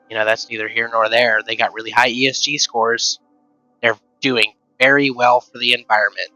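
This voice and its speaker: A man's voice: lowish voice, pushed and bright, no echo, rough recording. Sarcastic rambling male streamer. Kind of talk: casual rant while streaming.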